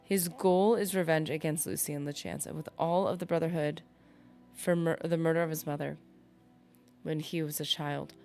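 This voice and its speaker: Lady doing a gravelly low assassin voice reading a diary, rough throat, faint music. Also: fairly even intonation, moderate pace, dark tone. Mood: grim.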